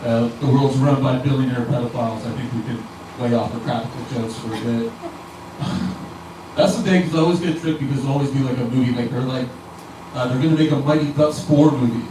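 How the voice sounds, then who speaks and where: Speaking a little fast at medium pitch, this male comic works through a profane, rambling set, repeatedly circling back and starting his sentences over. The club room echoes, recorded from a distant mic, with background noise and crowd ambience behind him.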